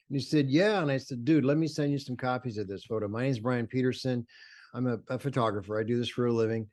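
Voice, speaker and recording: A man's voice: on the high side, darkish tone. An older man, a photographer, telling stories in an interview with enthusiasm, acting out the voices of people he quotes. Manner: enthusiastic, acts out quoted voices, many fillers and restarts. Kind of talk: animated storytelling in conversation.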